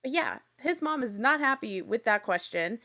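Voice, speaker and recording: A woman casually recapping a reality show, chatty and animated, with quick asides and laughs. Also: on the high side. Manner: acts out quoted lines in little voices.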